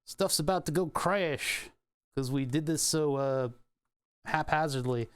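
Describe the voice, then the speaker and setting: A man with a slightly high voice chats casually on a livestream while doing a hands-on repair. He talks in a loose, joking way, with dry sarcasm and small chuckles. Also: a little slow, smooth. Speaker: streamer doing printer repairs. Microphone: headset or desk mic.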